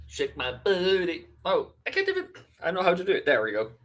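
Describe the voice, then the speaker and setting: A man's voice: high voice, racing. Playful man hosting a live trading stream. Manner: playful, jokey, breaks into excited chanting. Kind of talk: live market commentary.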